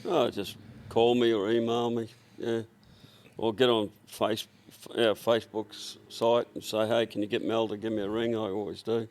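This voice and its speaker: A man's voice: lowish voice, flat delivery, normal speed, a little mellow, a little hiss or hum. An older Australian man with a workshop, telling rambling, blunt anecdotes full of fillers and restarts in a casual interview. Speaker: workshop owner, guest.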